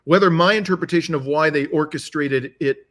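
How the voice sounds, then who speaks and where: A man's voice: on the high side, fairly quick, fairly bright tone. A man speaking as a guest commentator over a video call, emphatic and given to repeating phrases for force. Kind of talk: remote interview. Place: home in Canada.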